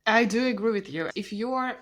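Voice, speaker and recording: A woman from Russia with a Russian accent, co-hosting a podcast in a calm, thoughtful, agreeable way. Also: a little high, moderate pace. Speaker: podcast co-host. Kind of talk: casual podcast chat.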